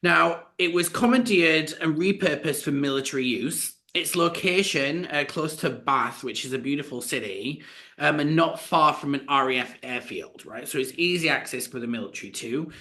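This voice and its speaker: Chatty podcast man with bright voice. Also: fairly high pitch, moderate pace. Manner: chatty, animated, many fillers. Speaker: podcast co-host. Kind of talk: casual storytelling chat.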